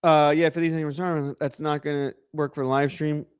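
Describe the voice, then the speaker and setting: A young man hosts a loose, joking livestream. He rambles through chat messages and donations, and his voice sits a little high. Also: little pitch movement, moderate pace, smooth. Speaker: livestream host.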